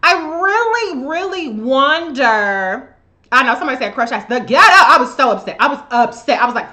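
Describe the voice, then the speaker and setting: Woman, bright sharp voice, sassy profane commentary, live stream. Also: sits high, animated, moderate pace. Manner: sassy, emphatic, loose and profane. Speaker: live show host. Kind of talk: profane political commentary monologue.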